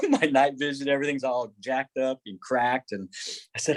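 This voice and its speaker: Man, middle-aged, podcast guest, animated storyteller, laughs a lot. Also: normal speed. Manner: animated, laughs often, acts out quotes in higher voice. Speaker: podcast guest, former Army Ranger. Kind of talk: casual storytelling.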